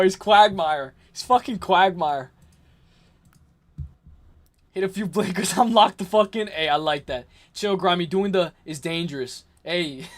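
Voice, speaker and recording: A young man from the New York area hosting a late-night livestream. He rambles casually, answers chat messages and laughs often. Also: high voice. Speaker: livestream host.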